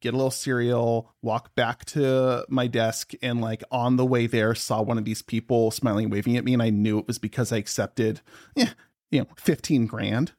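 Man co-host, casual rambling joker, mid pitch, close dry mic in a home office. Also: fairly even intonation, moderate pace, a little mellow, no room sound. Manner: rambling, joking, many fillers. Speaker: podcast co-host. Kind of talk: casual chat.

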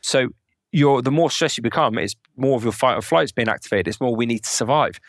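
Fast-talking man explaining things. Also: medium pitch, dry recording. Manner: rapid, explanatory, lecturing with examples. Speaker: podcast guest. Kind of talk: conversational interview.

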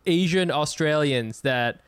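A man co-hosting a casual podcast, laid-back and quick to laugh and agree. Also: a little high, clean tone, dry recording, clean studio sound. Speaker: podcast co-host.

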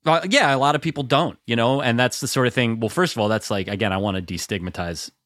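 A man co-hosting a podcast, chatting casually with deadpan humor. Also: mid-range voice, quick pace, no echo, studio quality. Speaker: podcast co-host.

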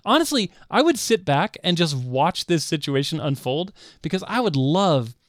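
A man's voice: on the high side, very animated, normal speed, no room sound, clean studio sound. A middle-aged man co-hosting a podcast, chatting casually and laughing often. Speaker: podcast co-host. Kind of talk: casual chat.

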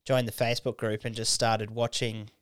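A young man, a guest comedian on a podcast, telling stories in an animated way and laughing often. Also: mid-range voice, moderate pace, clear, resonant tone, no echo, studio quality. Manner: animated storyteller, slips into quoted voices, laughs often. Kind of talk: casual podcast chat.

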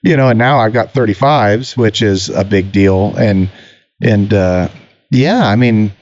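A man's voice: lowish voice, unhurried. Middle-aged man telling profane stories. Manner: animated anecdotes with swearing. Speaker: podcast co-host. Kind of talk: casual storytelling chat. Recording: slightly muffled audio.

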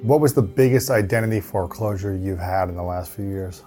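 Deep-voiced man hosting an interview. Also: a little fast, warm tone, faint music behind. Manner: brief, attentive interjections. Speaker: podcast host. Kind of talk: interview questions and short reactions.

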